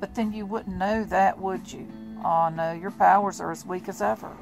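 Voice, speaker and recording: Woman reading as a smooth, ironic vampire brother. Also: mid-range voice, moderate pace, music in the background, natural voice, poor audio. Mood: mocking. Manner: calm, ironic taunting.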